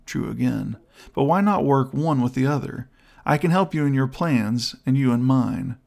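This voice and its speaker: Male reader as a vengeful young noble; measured, persuasive, gravelly edge. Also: mid-range voice, animated, a little mellow. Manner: smooth, persuasive, measured arguing. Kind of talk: audiobook character voice.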